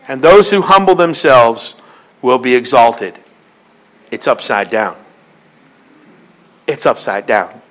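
A man's voice: fairly high pitch, a bit bright, poor audio. A man pastor preaching a sermon with repeated phrases and rising emphasis, acting out quoted voices in a joke.

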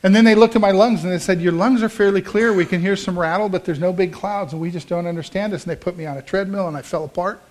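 Storytelling male pastor, slightly high voice. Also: quick pace, few pauses, a little mellow. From American Midwest. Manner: storytelling, acts out quoted dialogue, conversational. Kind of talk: sermon.

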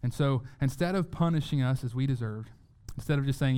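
A man's voice: mid-range voice, a little fast, warm tone, clear, resonant tone. Earnest man preaching a sermon. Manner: earnest, repeats words when stressing a point. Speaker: pastor.

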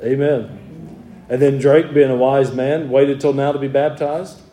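Fervent preacher in a roomy church. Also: male voice, medium pitch, little pitch movement, unhurried, mellow, slight background noise. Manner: fervent preaching that shifts to friendly talk with the congregation. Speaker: pastor. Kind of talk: sermon. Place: church sanctuary.

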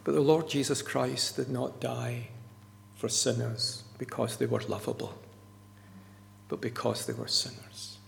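Gravelly-voiced man preaching in a reverberant hall. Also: mid-range voice, level tone, measured pace, a little hiss or hum. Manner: earnest, emphatic, repeats key words. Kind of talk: sermon. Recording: long church-hall reverb.

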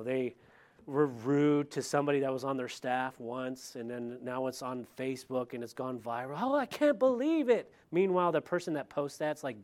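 A man, a middle-aged pastor, preaching a verse-by-verse sermon in a conversational way, with lively retelling and asides to the congregation. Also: medium pitch. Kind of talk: expository sermon.

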